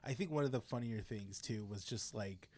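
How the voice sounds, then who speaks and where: A man co-hosting a podcast in casual chat, animated and laughing as he acts out scenes he has watched. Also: on the low side, moderate pace. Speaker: podcast co-host.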